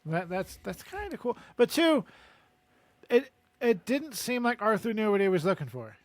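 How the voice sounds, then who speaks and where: A man's voice: high voice, big pitch swings, normal speed, no echo. A man from Canada hosting a casual book podcast, playful and a bit silly, a dad who clowns around with his co-host.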